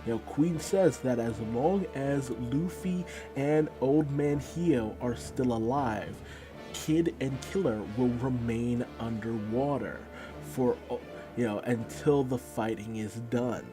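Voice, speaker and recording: A man's voice: mid-range voice, slow, music in the background. A man casually recapping and reviewing a manga chapter in a loose, rambling storytelling manner.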